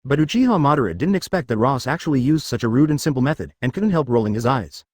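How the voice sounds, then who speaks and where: A fast, synthetic male narrator reads a web novel audiobook, with lively pitch and a dry, close sound. He reads mechanically and voices stray text along with the story. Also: no room sound.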